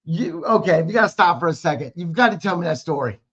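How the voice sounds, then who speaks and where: Stammering podcast host, slightly muffled. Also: male voice, on the high side, big pitch swings, fairly bright tone, slightly rough. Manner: halting, stammering restarts. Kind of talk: casual interview questions. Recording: slightly dull lo-fi audio.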